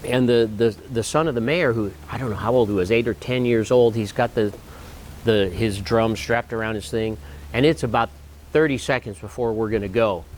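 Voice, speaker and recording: A man's voice: medium pitch, normal speed, slight background noise. Easygoing older man telling a story. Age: 60s. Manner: easygoing, rambling, with restarts and asides. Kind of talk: casual storytelling.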